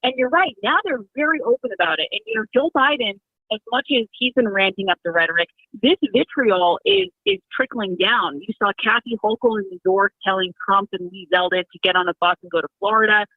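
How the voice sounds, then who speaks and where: A woman's voice: mid-range voice, animated, dry recording. Woman on a tinny phone line. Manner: earnest, opinionated, with halting restarts. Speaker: radio show guest. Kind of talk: political talk radio chat. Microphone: telephone.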